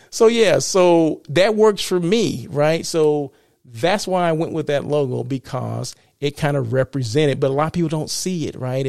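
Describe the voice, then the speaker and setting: A man's voice: medium pitch, creaky, a little mellow, no echo, clean studio sound. A man from the United States hosting a live show and podcast. He talks casually and chattily, keeps asking "right?" and chuckles at his own jokes. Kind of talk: casual live-stream talk.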